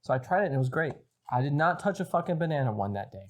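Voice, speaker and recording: A young man chatting on a casual podcast, his voice bouncing up and down a lot as he spins a rambling, swear-filled story. He sits a bit higher than most men. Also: very animated, rapid-fire. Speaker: podcast co-host. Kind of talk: casual chat.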